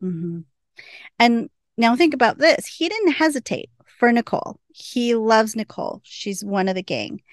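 A woman's voice: on the high side, lively intonation, measured pace, dry recording, clean studio sound. A woman casually recapping a TV episode on a podcast, chatty and laughing often as she quotes the characters. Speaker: podcast co-host.

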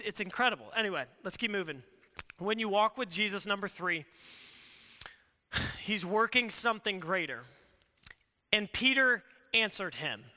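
A man preaching a sermon in an animated, conversational way, full of rhetorical questions. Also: sits high, clear, resonant tone, big-room sound. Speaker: pastor.

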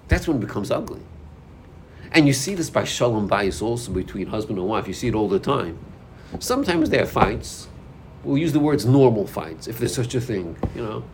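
Man teaching a Torah class, lively swooping pitch, acts out voices, faint room hum. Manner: animated, acts out inner voices and dialogues.

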